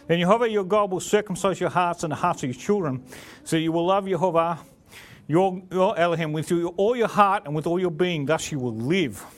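Man, preacher, reading scripture, solemn and deliberate, high-pitched voice.

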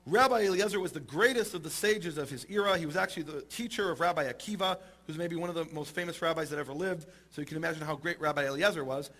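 A man telling a Talmud story in a lively, humorous way and acting out the characters. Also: a little high, fast talker, hardly any pauses. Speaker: teacher retelling a Talmud story. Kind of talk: animated storytelling talk.

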